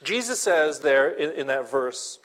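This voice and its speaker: A man's voice: fairly high pitch, animated, a little slow, a bit bright. A male pastor preaching a sermon in a conversational way, often checking in with his listeners and repeating himself as he talks. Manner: conversational, checks in with "okay?" and "right?"; repeats and restarts words, laughs lightly.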